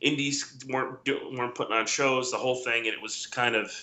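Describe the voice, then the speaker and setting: A middle-aged man with a very bright, forceful voice spins rambling stories, acting out the quotes of people he talks about. His voice rings in an echoey room. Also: mid-range voice, fairly even intonation, a little fast. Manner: rambling anecdotes with quoted dialogue, many restarts. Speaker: former wrestler, guest. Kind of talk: casual storytelling interview.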